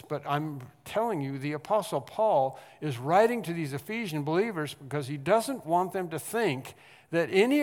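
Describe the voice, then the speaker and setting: Male pastor, fairly high voice, sermon in a church with long reverb, quiet-to-loud emphatic delivery. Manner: swings from quiet to loud emphatic passages, repeats for stress.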